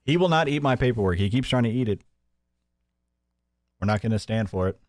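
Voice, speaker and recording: A man hosting a live-stream commentary show, sarcastic and mocking, often laughing and jumping into a high mimicking voice. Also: animated, a little fast, a little mellow, no room sound, clean studio sound.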